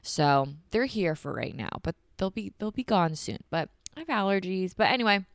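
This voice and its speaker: A woman's voice: mid-range voice, expressive, normal speed, no room sound, studio quality. Bubbly young woman podcaster. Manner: bubbly, gushing, heavy use of "like". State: slightly congested from allergies. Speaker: podcast host. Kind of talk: casual solo podcast chat.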